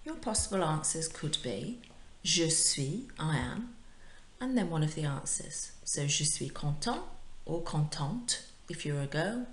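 A woman teacher giving a recorded remote lesson, speaking clearly and patiently and drilling words for her pupils to repeat. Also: low-pitched. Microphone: home recording for remote class. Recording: echoey room.

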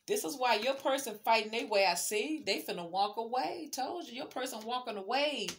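A woman's voice: a little high, animated, moderate pace. A woman giving a casual tarot reading, chatty and emphatic, speaking straight to the viewer. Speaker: tarot card reader.

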